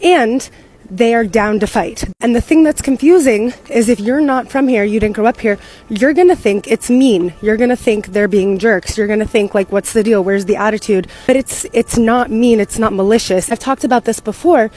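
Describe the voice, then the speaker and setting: An American woman in young adulthood, telling a story to camera in a chatty, animated way and swearing freely. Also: fairly high pitch, normal speed. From United States. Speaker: content creator living abroad.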